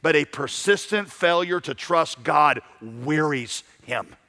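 A man's voice: a little high, animated, slow pace, pushed and bright. A male pastor preaching a sermon, acting out voices and stammering through restarts.

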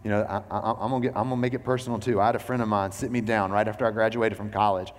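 A man's voice: on the low side, flat delivery, very fast, long reverb tail. A man preaching a sermon as a pastor. He talks in a loose, conversational way, full of "like" and "you know".

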